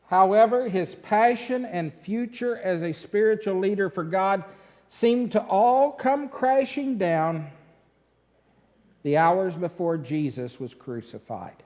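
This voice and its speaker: A male pastor, preaching a sermon as dramatic storytelling that swings between loud and hushed. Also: sits high, big-room sound. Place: church sanctuary.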